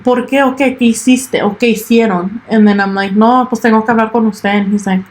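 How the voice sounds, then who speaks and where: A woman's voice: a little high, fairly even intonation, fast talker, a little mellow, rough recording. Bilingual young woman telling a story. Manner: switches between English and Spanish, lots of "like" and "dude". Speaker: podcast co-host. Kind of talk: casual storytelling chat.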